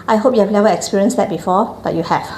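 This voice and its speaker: A middle-aged woman with a Malaysian English accent tells a personal story to an audience in an animated way, often acting out quoted voices. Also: mid-range voice, quick pace, slight background noise. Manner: animated, acts out quoted voices, frequent "lah". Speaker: breastfeeding coach. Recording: echoey hall.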